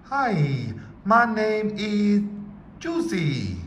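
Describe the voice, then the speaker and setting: Man doing a shy little girl, high and soft. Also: expressive, unhurried, slight background noise. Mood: earnest. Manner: soft, raised pitch girl voice. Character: shy young Korean girl, new to America. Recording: echoey room.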